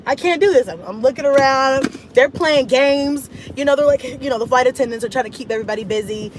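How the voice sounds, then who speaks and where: A woman vlogger telling a casual story in an animated, dramatic way, acting out her own thoughts. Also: sits high, quick pace, noisy background. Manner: animated, dramatic retelling with laughs and voiced-out inner thoughts. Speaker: mom vlogger.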